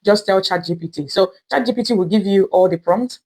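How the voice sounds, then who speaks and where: A woman with a Nigerian accent hosts a how-to tutorial at a middle pitch. She explains each step patiently and often repeats herself so nobody gets lost. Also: a little fast, darkish tone, husky. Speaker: tutorial host. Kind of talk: screen-recorded how-to tutorial.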